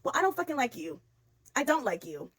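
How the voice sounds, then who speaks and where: A woman ranting bluntly on camera, swearing freely and talking in an animated, exasperated way. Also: sits high, a little fast, husky. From United States. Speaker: vlogger. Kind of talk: casual commentary rant.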